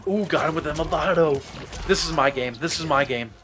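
A man's voice: on the high side, a little fast, fairly bright tone. A man live-streaming a fighting game, talking to his chat in casual slang, cursing and calling people bro. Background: game music.

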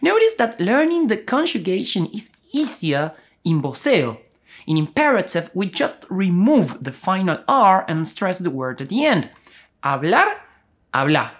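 A woman with an Argentinian accent gives a language lesson in a lively voice that rises and falls a lot. She explains clearly and moves easily between English and Spanish examples. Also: mid-range voice, normal speed. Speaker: Spanish teacher.

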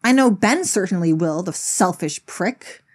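A woman's voice: fairly low pitch, animated, unhurried, slightly rough. A woman narrating an explanatory video essay, telling a story in a wry, conversational way.

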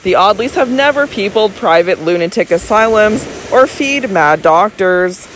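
A woman's voice: mid-range voice, expressive, measured pace, slight background noise, lightly acted, low-quality recording. A woman reading an audiobook voices an elderly baronet who speaks firmly and tenderly to his wife. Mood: protective. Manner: firm, insistent, tender toward his wife. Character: elderly devoted baronet husband, protective and indignant.

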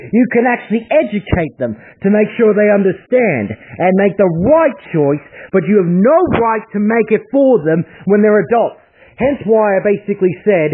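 Aussie guy ranting and swearing, kinda high husky voice, sounds like a phone line. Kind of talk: angry rant addressed to others. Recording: tinny phone-like audio.

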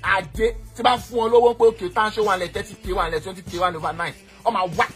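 High, fast-talking Nigerian man ranting. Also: steady tone, faint music behind. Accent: Nigerian, mixing Pidgin and Yoruba. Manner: loud, boastful, bursts into shouting and sing-song. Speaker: eyewitness in a played clip. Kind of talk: heated rant.

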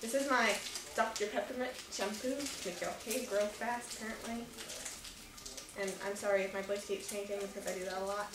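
A young woman talks casually and rambles, giggling often between thoughts. Her voice sits at a middle pitch and sounds a little distant from the mic. The room adds a noticeable echo, and steady background noise runs under her voice. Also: brisk. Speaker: vlogger. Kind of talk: casual haul chat. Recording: echoey room from far off with noise.

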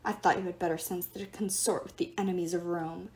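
A woman's voice: on the low side, fairly even intonation, a little fast, pitched below the performer's own voice, lightly acted. A woman voicing a fussy, irritable male statue god who shrieks in a prim teacher voice. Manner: shrieking, loud outbursts.

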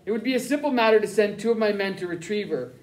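A stern, cold German-speaking officer in an audiobook, clipped and crisp with quiet menace, as a man reads him. The voice sits high, and the room around it is echoey. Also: lively intonation, fast. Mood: menacing. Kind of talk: audiobook character reading.

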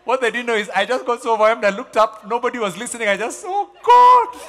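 A middle-aged man preaching a sermon as pastor, emphatic and animated, repeating key phrases as he tells stories. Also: extremely high pitch, a little hiss or hum. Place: large church hall. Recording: long church hall reverb.

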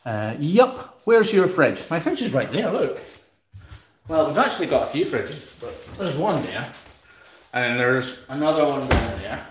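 A Scottish man chatting casually on a live stream at home, answering viewer comments with a relaxed, self-deprecating humour. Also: fairly high pitch, a little slow, roomy sound, noisy background. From Scotland. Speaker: hoof trimmer and channel host. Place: room in his newly built house.

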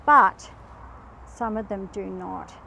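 A woman chatting as a pet behaviour guest, telling animated anecdotes and acting out the quotes in them. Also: medium pitch, takes it slowly, gravelly, noisy background. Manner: animated storyteller who acts out quotes. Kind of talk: casual chat with anecdotes.

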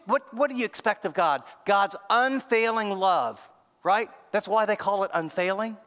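Man, pastor, high-pitched voice, conversational sermon, large reverberant hall. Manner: conversational preaching, acts out quoted voices, shifts between loud and soft.

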